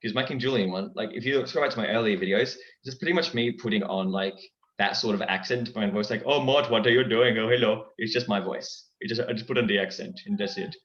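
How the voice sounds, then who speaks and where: Young guy with a lowish voice chatting, jumps into impressions, echoey muffled call audio. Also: fast. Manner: animated, breaks into character voices. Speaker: guest, impressionist. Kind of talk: casual interview chat. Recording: dull, echoey recording.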